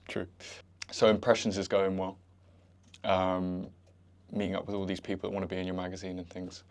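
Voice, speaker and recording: Male interviewer, low voice, relaxed questions, dry close sound. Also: moderate pace, no room sound. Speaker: interviewer host.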